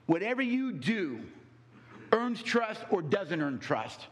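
A man's voice: sits high, very animated. Man giving a dramatic storytelling talk. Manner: dramatic, rhetorical questions, deliberate pauses. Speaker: speaker on relationships.

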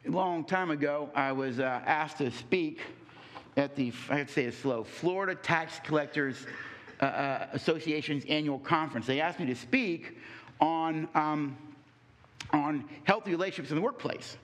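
Man giving a dramatic storytelling talk. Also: on the high side. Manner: dramatic, rhetorical questions, deliberate pauses. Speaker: speaker on relationships.

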